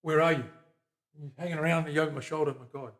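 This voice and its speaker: A man hosting a casual workshop stream, chatting to viewers and a helper as he works. His volume swings between loud, excited bursts and quiet mumbles to himself. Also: a little high, fast talker. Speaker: guitar builder hosting a livestream. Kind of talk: casual workshop chat while working.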